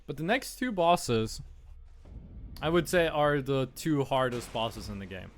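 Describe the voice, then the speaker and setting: A man's voice: medium pitch, animated, measured pace, soft background music. A man from Estonia, streaming a game and playfully musing aloud over how words are pronounced. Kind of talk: casual live-stream gaming commentary.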